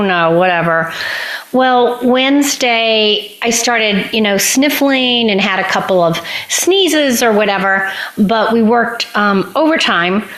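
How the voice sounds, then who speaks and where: Woman participant on a call, somewhat high, hesitant with fillers, roomy echo. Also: fairly bright tone. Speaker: group participant. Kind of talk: casual storytelling. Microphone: video call. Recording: echoey room on a call.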